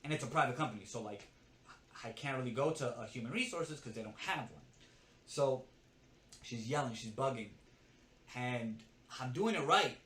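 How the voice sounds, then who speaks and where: A man's voice: mid-range voice, expressive, moderate pace, pauses often, a bit bright, a little hiss or hum. A young man vlogging, casually and animatedly telling a story about a bad job, swearing and often checking in with "right?". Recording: roomy with faint ambience.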